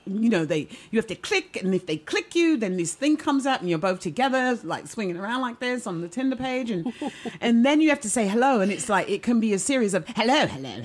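A middle-aged woman doing stand-up, telling stories in a chatty, animated way and often asking the audience "right?". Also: fairly high pitch. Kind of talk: stand-up storytelling.

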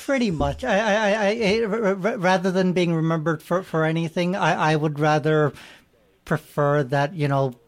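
Male guest on a talk show, reserved, halting delivery, slightly high voice. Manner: hesitant, stammering, reserved. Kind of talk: radio interview.

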